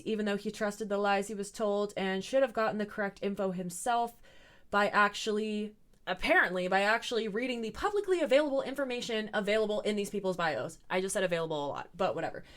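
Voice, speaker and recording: A woman's voice: mid-range voice, brisk. Young woman ranting to her camera at home, sarcastic and a bit tired-sounding, normal mid voice. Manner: sarcastic, wry asides. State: voice getting tired. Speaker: commentary YouTuber. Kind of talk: casual commentary monologue.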